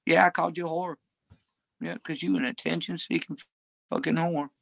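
A woman's voice: deep voice, fairly even intonation, moderate pace, vocal fry, no room sound. A woman livestreaming, talking in a crude, profane, drawling ramble.

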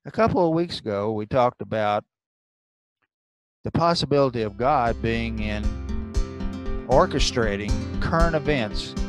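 A man teaching a church Bible class, deliberate and repeating his key lines for emphasis. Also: mid-range voice, lively intonation, music in the background. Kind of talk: Bible lesson.

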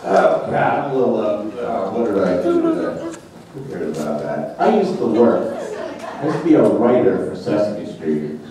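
A man's voice: lowish voice, lively intonation, normal speed, a crowd in the background. A man doing a crude, self-deprecating stand-up set in a comedy club, slipping into silly voices. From New Jersey. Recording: echoey club heard from a distance.

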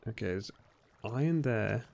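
A young man giving nervous, excitable commentary on a game he is playing, often bursting into shouts. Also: lowish voice, measured pace, vocal fry, background noise. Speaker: gaming YouTuber. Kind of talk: Let's Play commentary.

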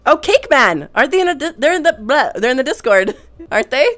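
A woman's voice: sits high, big pitch swings, fairly quick, fairly bright tone. A young woman hosting a gaming stream, chatting casually, laughing often and reading chat aloud over a headset mic. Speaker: streamer host.

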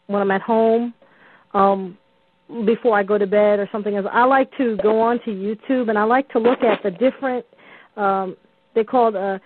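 Her voice on the high side, a woman rings a radio show and chats through a story, stumbling over ums and restarts. The line is dry and tinny, without any room sound.

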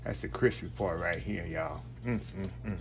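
A man hosting a casual home cooking video, folksy and chatty, talking to viewers as "y'all" and dropping to a low murmur while he tastes. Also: normal speed, vocal fry, background noise. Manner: folksy, keeps saying "y'all". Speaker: cooking channel host.

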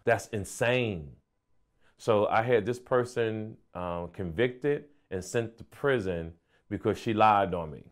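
A male comedian calmly recounting a personal story in an interview. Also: lowish voice, takes it slowly. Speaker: comedian guest.

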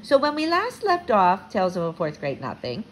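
Lively teacher reading a storybook aloud. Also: female voice, mid-range voice, normal speed, a little hiss or hum, rough recording. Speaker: fourth-grade teacher. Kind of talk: reading a children's book aloud. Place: at home, living room.

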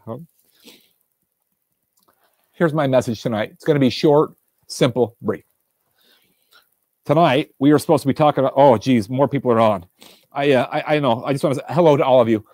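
A man giving a livestreamed devotional fireside talk from a room, earnest and animated, repeating his questions, stumbling over words and reading viewer answers aloud. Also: medium pitch, normal speed, pauses often, dry recording, clean studio sound. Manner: reads viewer answers aloud from a live chat. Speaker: fireside speaker. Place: indoors room, alone.

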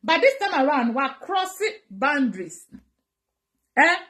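On a live stream, a woman with a Ghanaian accent responds to viewer comments with animated drama, moving back and forth between two languages. Her voice is high, her speed normal, and there's noise in the background.

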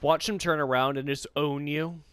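A young man giving casual, excitable gaming commentary, pleading and yelping in bursts. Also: fairly high pitch, moderate pace, clean tone, no echo. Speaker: gamer.

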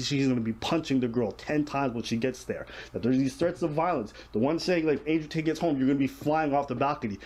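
A man's voice: mid-range voice, a little mellow. Blunt, profane man hosting reaction talk. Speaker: reaction show host. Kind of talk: casual reaction commentary.

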